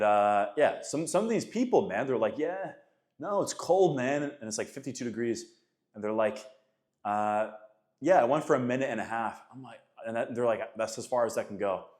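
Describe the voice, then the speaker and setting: A man's voice: mid-range voice, darkish tone. A man in his thirties giving an emphatic, casual motivational talk on faith and self-discipline, often calling listeners guys and man. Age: 30s. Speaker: faith and men's coach. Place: Florida.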